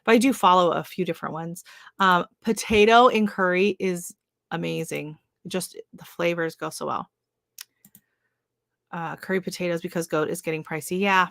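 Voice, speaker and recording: A woman's voice: lowish voice, steady tone, normal speed, gravelly, a bit bright, no room sound, clean studio sound. A woman hosting a live stream, chatting casually with viewers, greeting them by name and rambling with lots of fillers. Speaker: livestream host. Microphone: livestream setup.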